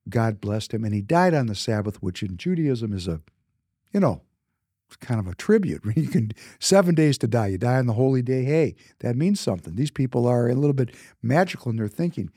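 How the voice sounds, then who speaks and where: A man's voice: medium pitch, big pitch swings, a little fast, warm tone, husky, no echo, studio quality. A man in his fifties from Minnesota tells personal stories in a casual monologue, emphatic and often repeating words for emphasis. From Minnesota, United States. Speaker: businessman.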